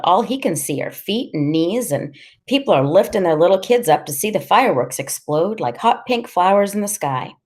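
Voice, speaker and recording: A woman reading a first-person story aloud in a casual, slangy storytelling manner. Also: on the low side. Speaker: audiobook reader.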